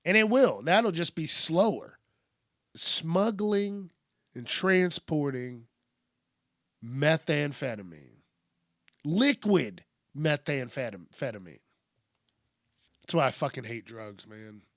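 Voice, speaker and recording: A man's voice: a little high, lively intonation, takes it slowly, pauses often, a bit bright, no echo, clean studio sound. A male podcast host riffing casually on news stories, joking and swearing freely. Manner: profane, joking, rhyming asides.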